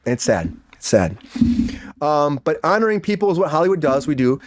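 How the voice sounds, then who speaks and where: A man's voice: fairly high pitch, sing-song, moderate pace, no room sound, clean studio sound. A man hosting a casual entertainment news chat, rambling with lots of fillers and restarts. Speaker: host.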